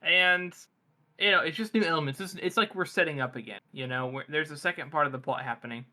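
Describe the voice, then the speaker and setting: Bright-voiced man giving halting opinions. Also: a little high. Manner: halting, restarts, many fillers. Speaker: podcast co-host. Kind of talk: casual book-club chat.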